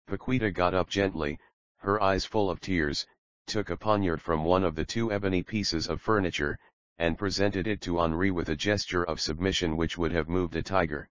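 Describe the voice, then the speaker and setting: A man narrating a classic novel in a measured, even reading. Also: low voice, dry recording, dull audio. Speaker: audiobook narrator. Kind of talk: scripted narration.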